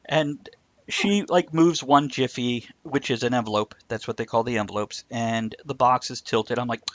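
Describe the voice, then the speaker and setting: A man's voice: medium pitch, normal speed, dry recording. A man rambling through a work story on a live stream, joking as he goes and acting out the other people. his voice sits in a middle range and sounds dry and close. the audio is a bit dull and lo-fi. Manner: rambling and joking, with lots of fillers and voiced quotes. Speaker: talk show host. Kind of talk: casual storytelling chat. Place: home studio for a live stream.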